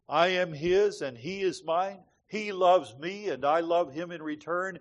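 Emphatic male preacher, higher voice. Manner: rhythmic, emphatic preaching cadence. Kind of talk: sermon.

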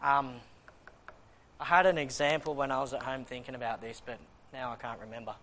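A man preaching a Bible teaching sermon, reading scripture slowly and acting out the questions of his listeners in lively asides. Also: mid-range voice, slight background noise.

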